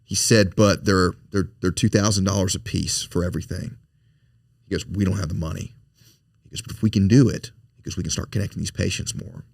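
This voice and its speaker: A man's voice: low voice, fairly even intonation, fairly quick, creaky, darkish tone, no room sound, studio quality. A man, a foundation president, speaking as a podcast guest in an earnest, storytelling way, often repeating and restarting his words. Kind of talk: conversational interview storytelling.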